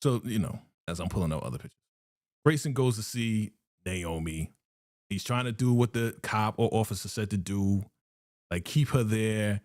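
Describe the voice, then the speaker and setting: A man hosting a live reaction stream, recapping a TV episode in a chatty, animated way, laughing often and repeating phrases. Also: on the low side, normal speed, dry recording, studio quality.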